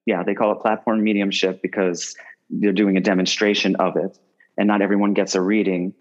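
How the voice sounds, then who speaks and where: Low-voiced man speaking on a muffled line. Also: a little fast. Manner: rambling, restarts phrases often, animated when telling stories. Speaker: guest medium. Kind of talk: casual conversational interview.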